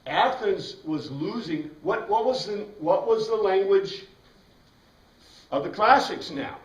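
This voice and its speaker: Animated male Bible teacher, echoey room. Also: high-pitched, takes it slowly, far from the mic. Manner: animated, asks the class questions, frequent "right?". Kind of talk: classroom lecture.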